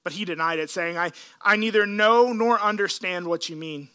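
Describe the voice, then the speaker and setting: A man preaching a sermon, retelling scripture in an earnest, emotional way with dramatic pauses. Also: sits high, bright, forceful tone, clean tone. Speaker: pastor.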